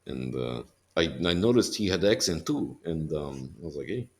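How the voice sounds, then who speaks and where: A man with a very low-pitched voice, talking casually as a guest on a podcast. He speaks in quick bursts, laughs often and restarts his sentences. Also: big pitch swings. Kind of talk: casual conversation.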